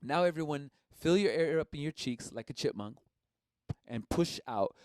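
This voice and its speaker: A man's voice: on the high side, lively intonation, normal speed, a little mellow, no room sound. A man casually teaching a live-streamed music lesson, encouraging and explaining each step plainly.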